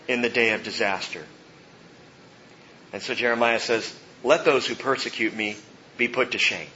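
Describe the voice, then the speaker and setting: A man's voice: mid-range voice, moderate pace, pauses often, bright, forceful tone, a little hiss or hum. A man preaching a verse-by-verse sermon, rising and stressing each quoted line of scripture. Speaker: pastor. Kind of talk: expository sermon. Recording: slightly dull sound, faint ambience.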